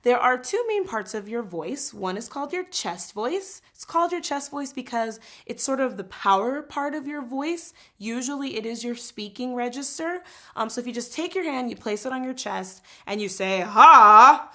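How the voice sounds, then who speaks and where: A woman teaching a casual singing lesson, animated and explaining with quick spoken and sung examples. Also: fairly high pitch.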